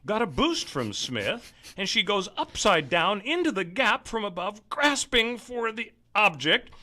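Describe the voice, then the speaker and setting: A man's voice: high voice, unhurried. A man hosting a talk radio show, reading out news stories and chatting with his co-host. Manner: animated, reads news stories aloud with laughter.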